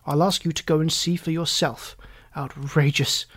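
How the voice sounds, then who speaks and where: Brief: reader as a cutting, bad-tempered old physician, loud and clipped. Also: mid-range voice, measured pace, lightly acted. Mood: irritated. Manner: sharp, cutting, curt. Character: irritable, harsh older family doctor. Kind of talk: audiobook character voice.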